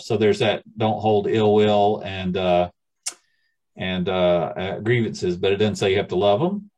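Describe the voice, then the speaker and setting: A man's voice: lowish voice, normal speed, darkish tone. A man leading a study group, teaching informally with a rambling, hesitant manner and many restarts.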